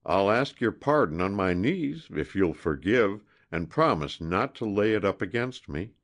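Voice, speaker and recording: A man's voice: fairly low pitch, animated, unhurried, pitched above the performer's own voice. A man voicing a jealous, volatile hunter. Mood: pleading. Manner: pleading, then savage and threatening. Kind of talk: audiobook character reading.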